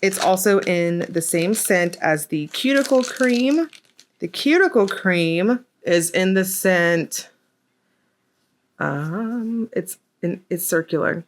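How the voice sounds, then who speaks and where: A woman's voice: on the low side, animated, slow pace. A woman chatting casually through a product unboxing, rambling with fillers and poking fun at herself. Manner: jokey, laughs at herself. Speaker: nail polish reviewer.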